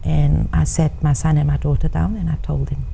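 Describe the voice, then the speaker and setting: A middle-aged woman with a very dark, gravelly voice, answering in an interview. She sounds low and reflective. She speaks in a measured way, with a few fillers. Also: little pitch movement, poor audio. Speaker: interviewee and author. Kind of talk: interview testimony.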